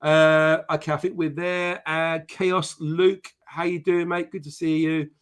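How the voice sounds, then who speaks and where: Male host, brisk and profane, slightly high voice, reeling off viewer shout-outs. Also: flat delivery, clean tone. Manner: chatty and profane, greeting viewers by name. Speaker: podcast host. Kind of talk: casual live-stream chat.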